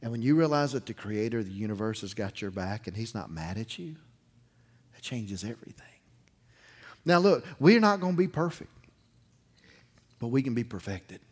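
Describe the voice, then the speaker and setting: A man preaching a sermon, telling a story in a folksy, animated way that swings from loud to hushed. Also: medium pitch, fairly quick, slightly rough.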